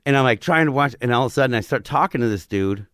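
A man's voice: medium pitch, lively intonation, fast talker, no room sound, clean studio sound. Profane storytelling man in his forties. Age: 40s. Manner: profane storyteller acting out quotes, bursts of loud laughter. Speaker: guest telling a story. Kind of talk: casual chat.

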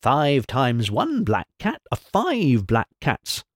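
A man's voice: medium pitch, wildly swooping pitch, dry recording, studio quality, exaggerated voice. A man voicing a cranky old wise woman in a storybook reading, piping and snappish. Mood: gloating. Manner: piping, snappish, slow and deliberate.

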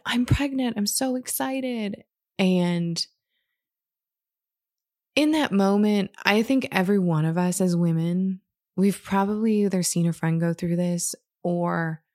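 A woman, telling a candid personal story in a reflective way, with soft laughs. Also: on the low side, gravelly, no echo, clean studio sound.

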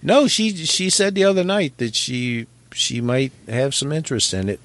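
A man's voice: mid-range voice, normal speed, no room sound. A man co-hosting a casual true crime podcast, joking and telling stories. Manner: joking, animated storyteller. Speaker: podcast co-host.

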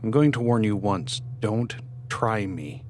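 A man's voice: on the low side, a little slow, a little hiss or hum, close to an everyday voice. A man voicing a stern, impatient veteran woman nurse who talks brusquely in a spoken horror story. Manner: brusque, scolding.

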